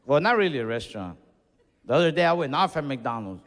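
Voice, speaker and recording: Speaking fast in a sing-song, slightly bright mid-range voice, a young comedian tells casual stories with Spanish asides during his stand-up routine. He's in front of a laughing comedy club audience, recorded on a live stage mic with a long hall reverb.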